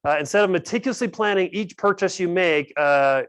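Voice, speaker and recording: A man's voice: high-pitched, a little fast, a bit bright, clean tone, dry recording. A man hosting a casual team meeting on budgeting, calling on people by name. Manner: upbeat, calls on people by name. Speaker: host of a team finance meeting. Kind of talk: casual group discussion.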